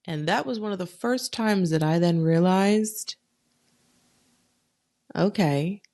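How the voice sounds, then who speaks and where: A young adult woman hosting a solo podcast, telling a personal story in a frank, profane, animated way. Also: fairly low pitch, slow pace. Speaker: podcast host.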